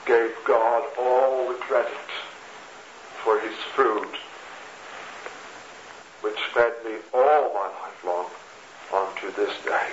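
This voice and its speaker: A man preaching a sermon, reading scripture slowly and deliberately. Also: fairly low pitch, steady tone. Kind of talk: expository sermon. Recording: echoey lo-fi radio recording with noise.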